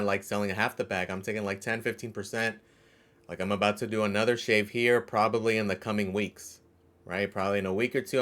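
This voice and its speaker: Lower-voiced guy talking crypto mining. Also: fairly bright tone. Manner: conversational, keeps tagging lines with "right?". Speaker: crypto mining channel host. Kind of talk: casual vlog talk to camera.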